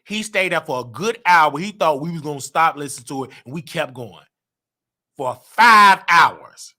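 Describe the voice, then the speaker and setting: A man hosting a livestream show in an animated, boastful rant. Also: a little high, brisk. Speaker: show host.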